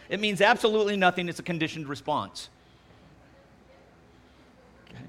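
A man preaching a sermon, delivering jokes in an animated, playful way before reading scripture. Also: sits high, brisk, long pauses. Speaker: pastor.

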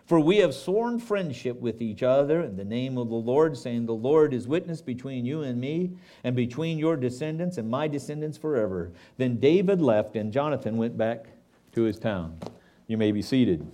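Animated male pastor preaching. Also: mid-range voice, moderate pace. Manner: animated, asides to the congregation. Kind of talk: sermon with scripture reading.

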